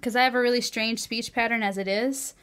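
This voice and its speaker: A woman with a mixed Wisconsin and Southern accent hosting a casual radio talk show, chatty and quick to laugh. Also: a little high, steady tone, fairly bright tone. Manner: chatty, laughs often, filler-heavy.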